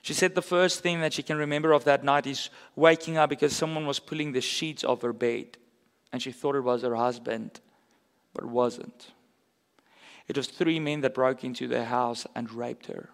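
A pastor preaching a sermon in an earnest, conversational way with casual asides. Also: male voice, medium pitch, steady tone, moderate pace, big-room sound. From South Africa.

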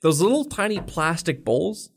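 A man's voice: a little high, sing-song, normal speed. Give me a young man venting with a casual curse-laden story, imitating the people he talks about. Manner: profane, exasperated storytelling, acts out customers. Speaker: podcast co-host. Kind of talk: casual podcast chat.

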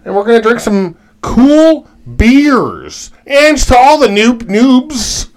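A man hosts a relaxed podcast from a home basement. His delivery is loose and joking, and he stretches out words for emphasis. His pitch rises and falls widely. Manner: joking, chatty, drawn-out emphasis. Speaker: podcast host. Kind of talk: casual podcast chat.

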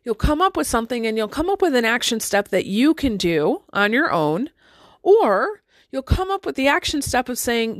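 A woman's voice: on the high side, big pitch swings, moderate pace, dry recording. A middle-aged woman life coach giving a motivational talk to listeners, conversational and full of rhetorical questions and "right?".

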